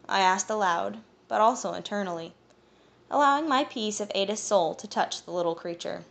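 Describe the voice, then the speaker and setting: A woman reading a fantasy audiobook in first-person narration, steady and even. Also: mid-range voice, normal speed, gravelly.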